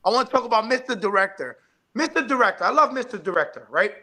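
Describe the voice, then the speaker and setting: A man's voice: sits high, animated, fast talker, crowd noise. A man, a professional wrestler, talking as the guest on a live online interview show, with emphatic hype-style delivery. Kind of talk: podcast interview.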